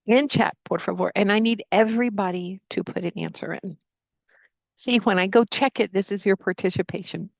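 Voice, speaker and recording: Gravelly-voiced woman teaching Spanish online. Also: medium pitch, no room sound, muffled recording. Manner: prays aloud, then drills vocabulary with repetition. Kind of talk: live online class teaching. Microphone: computer mic on a video call.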